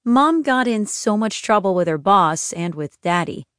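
A woman narrating an audiobook in a gentle, even storytelling manner. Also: mid-range voice, a little slow, no echo, studio quality. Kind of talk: scripted narration.

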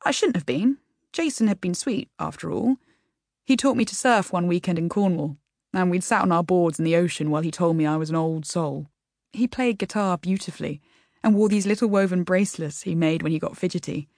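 A woman's voice: fairly low pitch, a little fast, darkish tone, dry recording, studio quality. A woman narrating a first-person audiobook in a wry, self-deprecating storytelling manner.

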